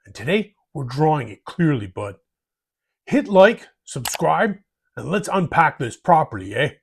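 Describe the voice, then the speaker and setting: A man's voice: a little high, sing-song, unhurried, vocal fry, background noise. A man hosting a hobby advice talk in a folksy way, tagging his sentences with friendly asides. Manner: folksy, tags sentences with "eh" and "bud". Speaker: host.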